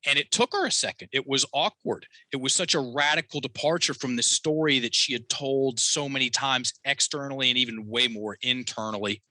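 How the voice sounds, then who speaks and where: A man with a very bright, forceful voice tells a personal story as a podcast guest. He is animated and acts out the voices of the people in his story, recorded dry and close. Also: mid-range voice, fairly quick, hardly any pauses, no room sound. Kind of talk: storytelling in a conversational interview.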